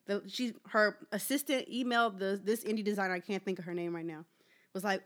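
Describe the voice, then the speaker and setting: A woman's voice: medium pitch, steady tone, brisk, a bit bright. A woman co-hosting a podcast in casual chat, reacting with frequent exclamations and laughter. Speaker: podcast co-host.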